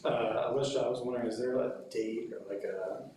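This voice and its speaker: A man chairing a city committee meeting, laying out next steps in a brisk, organizing way. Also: mid-range voice, steady tone, dark tone. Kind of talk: running a meeting. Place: public meeting room. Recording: echoey room from far off, noisy.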